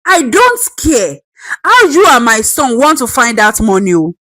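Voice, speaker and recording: A woman voicing a fierce older grandmother who scolds loudly. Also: on the high side, sing-song, measured pace, no echo, heavily acted, rough recording. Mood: scolding. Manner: scolding, shouting, emphatic.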